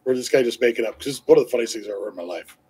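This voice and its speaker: Husky, rambling male stream co-host. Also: mid-range voice, very fast, dark tone, low-quality recording. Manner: rambling storyteller, many fillers and restarts; laughs easily while talking. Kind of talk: casual chat on a live stream.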